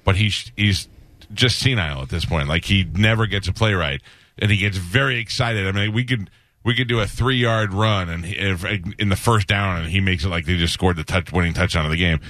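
A man hosting a casual talk show and bantering in a quick, self-deprecating way. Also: sits low, a bit bright, no echo, clean studio sound. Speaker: host. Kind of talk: casual chat.

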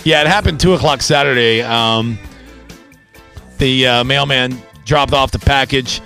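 A man's voice: mid-range voice, a little slow, gravelly, sharp tone, faint music behind. A man hosting a radio show, bantering and reading odd news stories in a loose, teasing way. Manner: joking, teasing, reads news items loosely. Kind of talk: casual morning radio banter.

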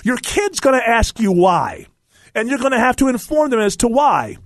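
Male podcast host, high and animated, passionate and preachy, dry close mic. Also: moderate pace, no room sound. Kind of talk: opinionated podcast talk.

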